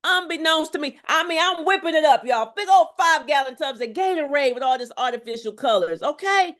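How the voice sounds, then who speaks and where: High-voiced, emphatic woman coach. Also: animated, fairly quick, fairly bright tone. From Houston, Texas. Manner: emphatic, preacherly, repeats phrases and calls on the audience. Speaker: health coach. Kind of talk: live health challenge talk to viewers.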